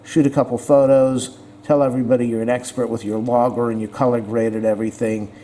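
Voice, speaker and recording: A man's voice: mid-range voice, little pitch movement, fairly quick, warm tone, slight background noise. A man vlogging a camera review as a blunt, sarcastic rant, rambling, restarting, and joking along the way. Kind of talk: casual opinionated rant.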